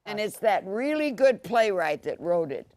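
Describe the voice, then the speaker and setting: Blunt, animated woman in her eighties. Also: mid-range voice, no room sound. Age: 80s. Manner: blunt, emphatic, quick to contradict. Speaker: guest. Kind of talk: casual chat. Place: TV studio.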